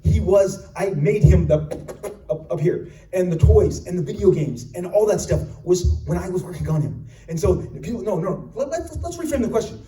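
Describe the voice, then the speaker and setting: A man's voice: sits high, normal speed, recorded from a distance. Sarcastic man talking in an echoey hall. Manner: animated, sarcastic, jumps into voices. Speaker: panel guest. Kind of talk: convention panel storytelling. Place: large convention hall. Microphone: recorded from the audience.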